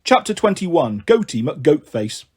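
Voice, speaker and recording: A man reading a children's book aloud, narrating and voicing many characters with lively expression. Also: a little high, measured pace, slightly rough. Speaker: storyteller.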